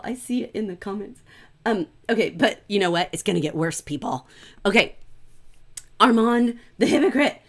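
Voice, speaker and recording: A middle-aged woman with a medium pitch and normal speed runs a livestreamed literature class. She keeps things animated and chatty, frequently tossing in "right?"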